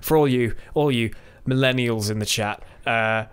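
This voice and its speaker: A young man in his twenties talks loosely on a podcast, cracking jokes and wandering off on tangents. His voice sits at an everyday middle pitch, and he trips over his own words with plenty of fillers and restarts. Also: normal speed, clean tone. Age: 20s. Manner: joking, rambling, full of fillers and restarts. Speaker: podcast co-host. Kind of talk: casual chat.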